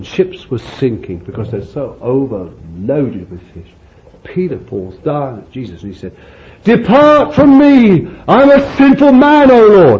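Animated male preacher, mid-range voice with wide swings; old muffled sermon tape. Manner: animated, jumps to high pitch for quoted pleas; laughs between points, addresses listeners as beloved. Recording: dull lo-fi old sermon tape with faint hiss.

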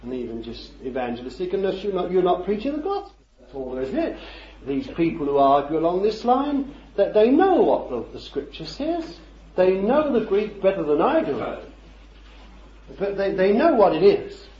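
A man preaches a sermon in a fairly high voice that leaps up and down with feeling. He keeps it conversational, throwing rhetorical questions at the congregation and chuckling along the way. The recording is dull and lo-fi, with a roomy echo. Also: very animated, moderate pace, warm tone.

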